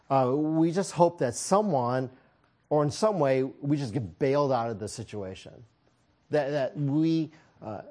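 A man's voice: mid-range voice, darkish tone. A man preaching a sermon, telling a personal story with self-deprecating humor and frequent chuckles.

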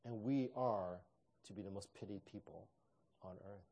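A man preaching a sermon in a relaxed, conversational manner. His voice is mellow and dark, and he talks with casual fillers and restarts as he goes. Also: fairly low pitch, normal speed, gravelly. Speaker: pastor.

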